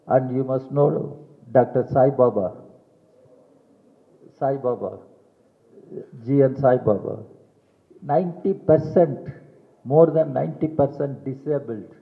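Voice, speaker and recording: An older man with an Indian English accent making a deliberate, emphatic press conference statement, repeating key phrases. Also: mid-range voice, gravelly. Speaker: party general secretary at a press conference. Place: press meet hall. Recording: tinny phone-like sound in a long echoing hall.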